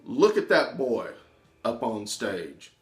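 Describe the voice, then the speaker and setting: Guy putting on a gruff old texan prof, slow mean drawl, lively pitch, roomy echo. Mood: drawling, cold. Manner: laconic, mean drawl that flares into shouting. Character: older male Texan drama professor, gruff and cutting. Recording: echoey room.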